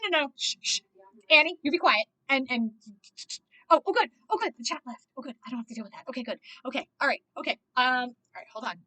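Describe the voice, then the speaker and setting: A young woman giving casual, chatty movie reaction commentary, quick to gasp and groan. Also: a little high, pushed and bright, dry recording.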